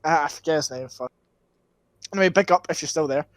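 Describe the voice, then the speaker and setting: A young Scottish man telling a school story on a podcast, sweary and excitable, tagging "right?" onto his sentences. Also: a little high, fast, no echo. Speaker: podcast co-host. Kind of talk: casual storytelling chat.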